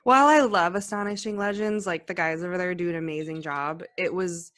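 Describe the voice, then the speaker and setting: A woman's voice: on the low side, brisk, fairly bright tone, dry recording. A young woman co-hosting a podcast, chatting casually in a rambling, enthusiastic way with many restarts. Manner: rambling, self-interrupting, enthusiastic. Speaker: podcast co-host. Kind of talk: casual chat.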